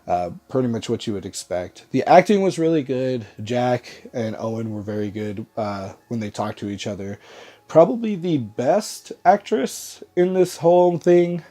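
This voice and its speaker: In a casual, rambling movie review, a young man's stuffy nose from a cold is obvious. His medium-pitched voice is mellow with lively intonation and a moderate pace, and he leans heavily on "uh" fillers.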